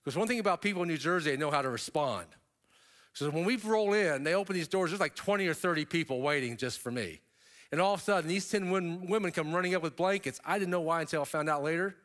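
A middle-aged man tells his story from a keynote stage in a voice pitched a touch high for a man. He is an animated storyteller whose pitch leaps up for emphasis, and he drops in casual asides to the audience. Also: fast talker. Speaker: keynote speaker.

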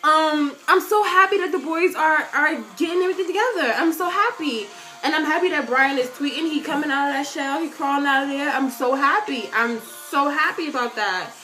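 Teen girl doing a q&a vlog in her room, kinda high voice, jokey and dramatic, faint music in the back. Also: a little fast. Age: teens. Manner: chatty, joking, dramatic swings in loudness and pitch. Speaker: vlogger. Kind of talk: casual Q&A vlog talk. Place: bedroom at home.

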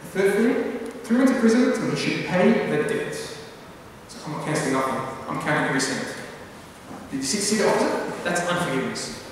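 A man's voice: high-pitched, animated, fairly quick, a little hiss or hum. A man giving a conversational youth talk at church, who keeps asking his listeners whether they follow and often repeats words as he restarts a sentence. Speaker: youth meeting speaker. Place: church hall. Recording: very echoey hall, voice picked up from a distance.

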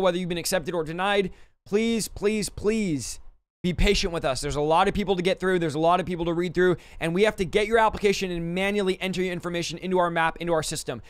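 A man hosting a livestream, quickly thanking donors and stumbling over names, a little out of breath. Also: sits high, smooth, no room sound. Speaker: livestream host.

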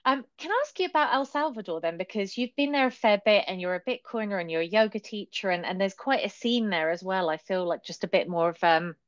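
A woman's voice: mid-range voice, expressive, fast, few pauses, no room sound, highs cut off. A woman hosting a podcast interview, asking questions in a friendly, inquisitive way. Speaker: podcast host. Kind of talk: casual interview chat.

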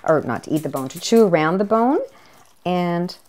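Speaking at normal speed in a lowish, slightly mellow and expressive voice, a home economist runs a comic cooking demonstration. She chats playfully to camera with jokes and small cheers.

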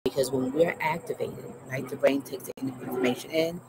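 Sitting outdoors in her garden, a woman therapist hosting her show tells her own trauma story earnestly and emotionally, weaving in teaching, pausing to breathe and checking in with "right?". Her voice is extremely low, fairly even, and moderately paced, and she sounds anxious, heart racing as she retells it. Loud crickets and insects fill the outdoor recording.

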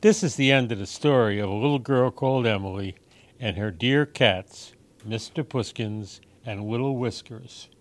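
A man reading picture books aloud for children in a gentle, expressive storytime manner. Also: medium pitch, normal speed. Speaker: storytime reader.

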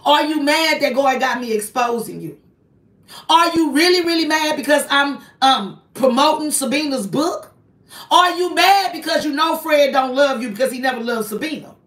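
High-voiced woman firing accusing questions. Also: expressive, normal speed, fairly bright tone. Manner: repetitive accusatory rhetorical questions; preachy, invokes God. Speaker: live-stream host. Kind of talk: confrontational live-stream callout. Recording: roomy echo, voice distant from the mic.

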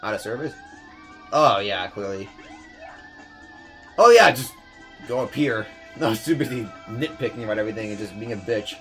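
A young man giving casual gameplay commentary, fast-talking, swearing, often stumbling over words. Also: on the low side, fairly bright tone, faint music behind. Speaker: let's player.

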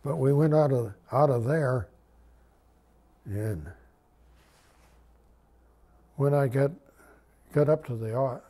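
An older veteran recounts his memories in a loose, folksy way, often stopping to restart a sentence. His voice is mellow and dark, with a husky edge. He sits at a middling pitch for a man. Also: slow pace, pauses often. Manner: rambling, folksy, many restarts. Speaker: WWII veteran interviewee. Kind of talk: oral history storytelling.

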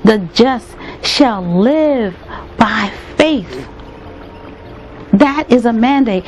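A woman's voice: fairly high pitch, lively intonation, slow pace, a little mellow, a little hiss or hum. A woman preaching a sermon, earnest and emphatic, repeating phrases for weight and calling out to the congregation. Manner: calls out to the congregation directly.

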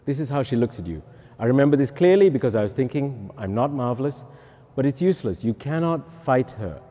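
A middle-aged man, a priest, giving a personal testimony in lively storytelling style with self-mocking humorous asides. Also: mid-range voice, fast. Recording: echoey hall.

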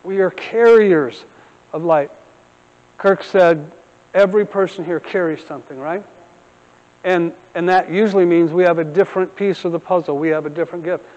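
Middle-aged male pastor, humorous sermon storyteller; high voice, dull lo-fi sound. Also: fairly quick, in a large hall. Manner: humorous storytelling, animated asides. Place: church sanctuary.

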